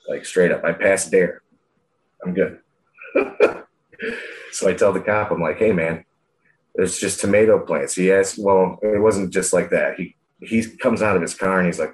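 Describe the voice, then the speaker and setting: A young man with a very deep, low voice tells a story in loose, slangy talk. He swears freely and rambles from one aside to the next. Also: normal speed, reverberant, poor audio. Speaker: guest telling a story. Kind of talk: casual storytelling.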